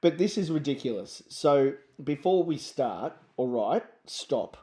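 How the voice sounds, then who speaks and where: Teasing man, mellow voice. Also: a little high, animated, measured pace. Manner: teasing, laughs often, drops to quiet asides. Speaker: podcast co-host. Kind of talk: joking casual chat.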